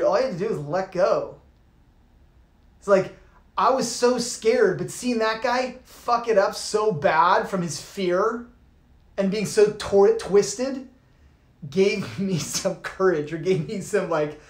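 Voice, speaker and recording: A man, a yoga teacher, giving an informal talk and telling a lively story, swearing casually and acting out the people in it. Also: high-pitched. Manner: animated, swears casually, acts out voices. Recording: roomy echo.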